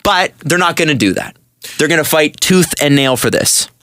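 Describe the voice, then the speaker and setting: A man co-hosting a podcast, making animated, argumentative points in casual chat. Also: on the high side, normal speed, slight background noise. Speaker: podcast co-host.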